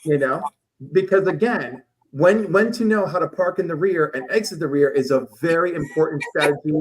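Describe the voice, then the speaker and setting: A man's voice: on the high side, normal speed, low-quality recording. A man telling crude rambling stories in a casual panel chat. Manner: crude, rambling storyteller, loud acted outbursts.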